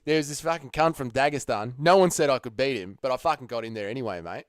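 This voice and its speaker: A man's voice: mid-range voice, fast talker, clean tone, no room sound, studio quality, lightly acted. A man putting on a boastful former fighting champion with an exaggerated broad Australian accent, swaggering and sweary. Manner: swaggering, sweary, heavy slang.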